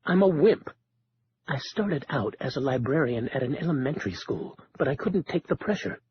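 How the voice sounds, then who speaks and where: A fussy, high-strung male librarian, as a man puts him on, his voice jumping up when he objects. Heard through dull, lo-fi sound with a faint hiss. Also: expressive, moderate pace, natural voice. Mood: alarmed protest.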